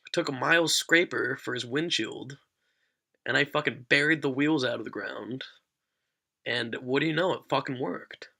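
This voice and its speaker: Bright-voiced young man telling a profane story. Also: mid-range voice, creaky. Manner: profane, rambling. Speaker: vlogger. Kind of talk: storytelling vlog.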